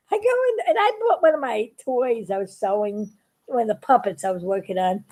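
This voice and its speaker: A woman's voice: high voice, animated, a little fast, mellow. A woman chatting casually to her viewers, telling a story and laughing often. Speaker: YouTube cartoon maker.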